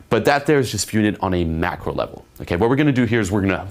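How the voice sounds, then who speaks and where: A man coaching on dating, explaining concepts emphatically and acting out women's replies in higher voices. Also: lively intonation, rapid-fire, few pauses. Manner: emphatic, repeats "okay?". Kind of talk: instructional monologue.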